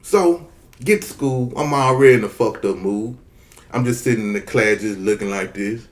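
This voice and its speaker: A man in his thirties telling a childhood story in a casual, profane, animated way. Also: medium pitch, moderate pace. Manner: animated, profane, acts out voices.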